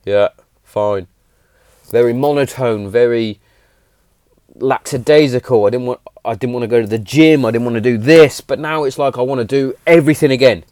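A man's voice: mid-range voice, brisk, a little mellow, no echo, clean studio sound. A man in his thirties hosting his own podcast, talking in an earnest, emphatic, rambling way and swearing freely. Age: 30s. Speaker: podcast host. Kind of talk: casual heartfelt monologue. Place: home shed.

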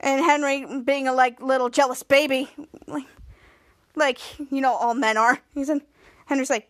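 High-voiced woman rambling through a recap. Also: fairly even intonation, normal speed, no room sound. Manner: rambling, repeats "cut to" with questioning "hmm?" fillers. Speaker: podcast host. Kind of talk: casual TV episode recap.

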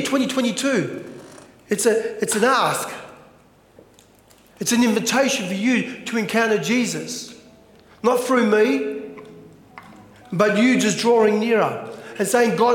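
A man delivers a sermon from the pulpit, his voice pitched high and carrying. He talks in an animated way, stacking rhetorical questions. The sound is roomy, with a long church-hall reverb. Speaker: pastor.

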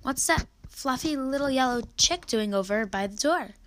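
A woman's voice: sits high, animated, normal speed. A woman doing an eager little girl. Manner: bright, exclamatory storybook delivery. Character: eager young girl, curious and excitable.

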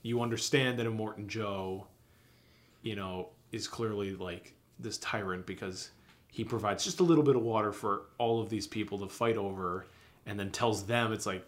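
Young male co-host, slightly low voice, eager rambling talk, casual swearing. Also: fairly even intonation, normal speed. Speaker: podcast co-host. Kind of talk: casual chat.

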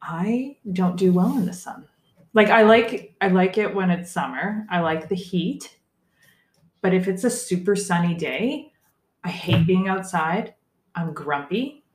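Lower-voiced woman in an echoey room. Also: a little slow. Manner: chatty, filler-heavy, drifts off topic. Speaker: podcast co-host. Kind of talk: casual chat.

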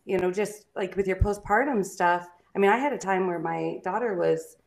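A woman's voice: mid-range voice, moderate pace, gravelly. A young adult woman chatting candidly on a podcast, swearing freely and stumbling over restarts. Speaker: podcast co-host. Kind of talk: casual podcast chat.

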